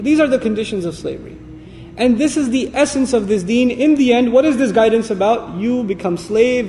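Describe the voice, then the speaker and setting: Earnest male lecturer, high-pitched and reverberant. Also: warm tone. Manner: earnest and emphatic, with rhetorical questions to the audience; recites Quranic Arabic verses. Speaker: Islamic lecturer. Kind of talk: religious lecture.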